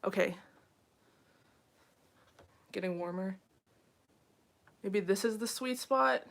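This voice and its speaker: A young woman chats on a home live stream, frazzled and loose, with plenty of "like" and "um" between thoughts. Her voice sits at an ordinary middle pitch, and it comes through a laptop mic in a small room. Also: takes it slowly, vocal fry. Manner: chatty, frazzled, uses many fillers. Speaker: livestreamer. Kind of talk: casual live stream chat.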